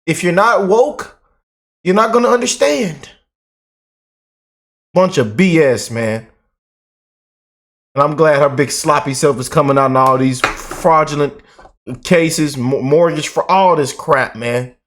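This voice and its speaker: A male channel host delivers a heated commentary rant. His voice sits somewhat high, and he repeats himself and stacks up emphatic phrases as he gets worked up. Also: measured pace. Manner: animated, repetitive, emphatic. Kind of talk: ranting political commentary.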